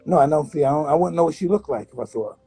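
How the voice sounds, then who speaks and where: A man in his fifties from the United States, a guest in an interview, telling blunt, animated stories and acting out other people's voices. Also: a little high, racing, creaky, breathy edge, soft background music, low-quality recording. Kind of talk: candid interview storytelling.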